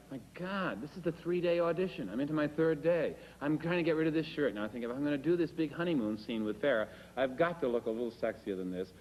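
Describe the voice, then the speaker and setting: A man's voice: on the high side, big-room sound, muffled recording. A man performing a wry, self-deprecating storytelling monologue and acting out the dialogue himself.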